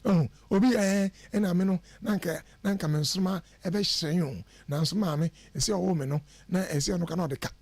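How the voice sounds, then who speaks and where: In a radio studio, a high-voiced man appears as a guest, handing out lively, preachy advice on ordering your life while slipping English phrases into his talk. He speaks at normal speed with hardly any pauses, and the recording is dry.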